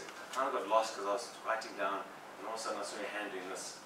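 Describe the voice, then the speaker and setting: A man with a fairly low voice giving a chatty, candid evaluation of a speech at a club meeting, with quick jokes. He sounds set back from the mic in an echoey room. Room noise runs under his voice. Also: fairly even intonation, recorded from a distance.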